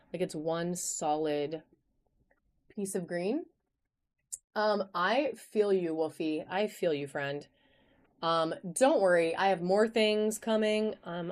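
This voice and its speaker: A woman with a fairly low, slightly mellow voice hosts a live online sale, filmed on a phone camera. She keeps up bubbly, chatty talk, calling out viewers by name as she displays each item.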